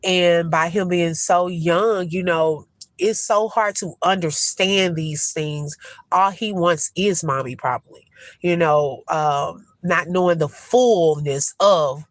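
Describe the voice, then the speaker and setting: Slow-talking woman with a low voice. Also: dry recording. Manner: unhurried, chatty, addresses viewers as y'all and child. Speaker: host reacting to news. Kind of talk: casual live commentary.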